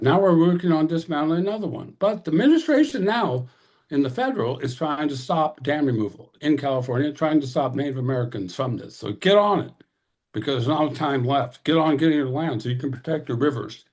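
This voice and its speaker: A man speaking with fervent urgency, pleading and exhorting his listeners to act. His voice sits somewhat high for a man. He is heard over a video call, giving a heartfelt webinar talk. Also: animated, brisk, a little mellow. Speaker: tribal representative presenter. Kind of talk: impassioned webinar address.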